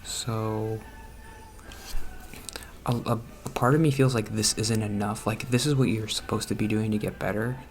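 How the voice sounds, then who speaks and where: A man's voice: on the low side, brisk, few pauses, faint music behind. A young man chatting casually at home, rambling and self-conscious, often breaking into nervous laughs. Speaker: gaming vlogger. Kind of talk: casual chat over gameplay. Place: room at home.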